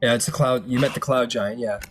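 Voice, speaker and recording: A man's voice: medium pitch, fairly even intonation, fairly quick. A man narrating as game master for a tabletop game, loose and rambling with many fillers.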